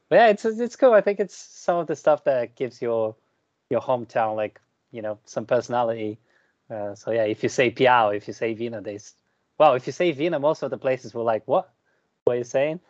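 A man from Brazil with a Brazilian Portuguese accent, a native Portuguese speaker, chatting casually as a podcast guest, relaxed and often laughing. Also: medium pitch, normal speed, no echo, lo-fi sound. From Curitiba, Brazil. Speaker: guest musician. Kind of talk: casual chat.

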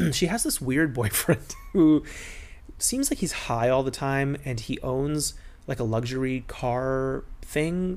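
A man's voice: medium pitch, a little mellow. Guy doing a gossipy reality tv recap, chatty, does little voices for people. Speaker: podcast host.

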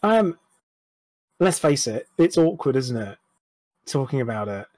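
A young man speaks openly and at length, drifting off on tangents and correcting himself as he goes. His voice sits at an ordinary middle pitch. The recording is dry and close, with no room sound. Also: sing-song, a little slow, a little mellow, no echo. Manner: rambling, frank, self-deprecating, with restarts and swearing. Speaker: interview guest. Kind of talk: candid personal conversation.

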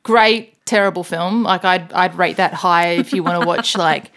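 A woman's voice: fairly low pitch, moderate pace, fairly bright tone. A woman co-hosting a podcast, chatting casually and rambling through a story with frequent laughs. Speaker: podcast co-host. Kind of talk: casual chat.

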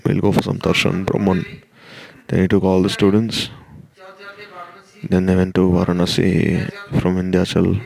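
A man telling a devotional story in a slow, halting way, with frequent restarts. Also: deep voice, creaky, darkish tone.

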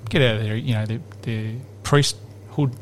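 A man's voice: on the low side, normal speed, slight background noise. A man, a podcast host telling a long rambling joke in casual chat. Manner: rambling, lively, laughs at his own joke.

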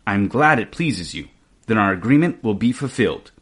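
A man voicing a wise older master painter in a read-aloud storybook, speaking quietly and in a measured way. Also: fairly low pitch, animated, slightly rough.

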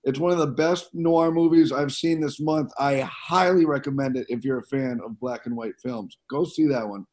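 A man co-hosting a casual movie podcast, giving quick upbeat film picks with a playful showman touch. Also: medium pitch, darkish tone. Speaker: podcast co-host.

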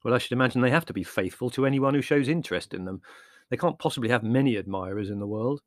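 A man's voice: medium pitch, fast, no room sound, studio quality, close to an everyday voice. A man doing a sardonic, scornful young wit. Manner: arch, cutting, theatrical disdain.

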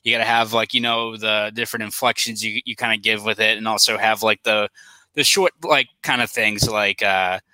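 A man's voice: lowish voice, steady tone, moderate pace, bright, forceful tone, no room sound, low-quality recording. A young man from South Boston with a Boston accent, a sports reporter chatting casually as a podcast guest, rambling with lots of "like" fillers. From South Boston, USA.

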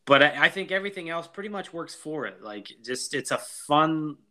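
Podcast co-host, male, bright tone, loose and jokey, acts out film lines. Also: a little high, expressive, moderate pace. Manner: laughs often, acts out quotes in goofy voices. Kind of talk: casual movie review chat.

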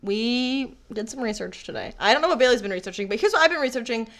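A young woman co-hosting a casual sports chat, bubbly and excitable, often giggling. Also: on the high side, fast talker. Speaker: podcast co-host.

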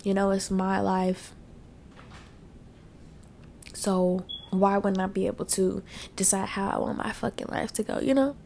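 A woman talks slowly into a podcast mic, her voice gravelly and creaky. She is teary and worn out from crying. She vents frankly and bluntly, swearing often and trailing off into fillers. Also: mid-range voice, steady tone, a little mellow, slight background noise. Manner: frank, profane and frustrated, with many fillers. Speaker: podcast host. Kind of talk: casual solo podcast venting. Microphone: podcast microphone.

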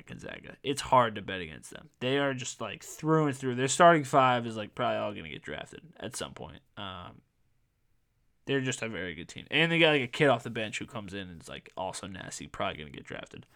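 A man's voice: fairly low pitch, sing-song, brisk, a bit bright. Casual young man rambling on a sports podcast. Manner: rambling, filler-heavy, self-correcting. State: voice going hoarse. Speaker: podcast host.

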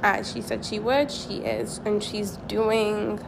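Gravelly young woman rambling candidly. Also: mid-range voice, level tone, takes it slowly, noisy background. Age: young adult. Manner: candid, swearing, laughs at herself. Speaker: vlogger. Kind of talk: casual rambling monologue.

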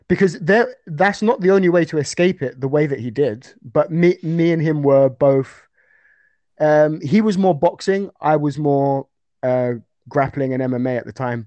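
A young man telling a fight story in a casual podcast chat, animated, with many restarts. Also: fairly high pitch, dry recording, highs cut off. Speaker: guest fighter.

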